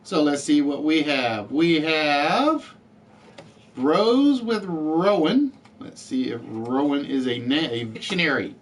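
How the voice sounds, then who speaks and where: A man's voice: on the high side, slow pace. A man hosting a live-streamed word game show, chatty, reading out letters and scores and joking with the players.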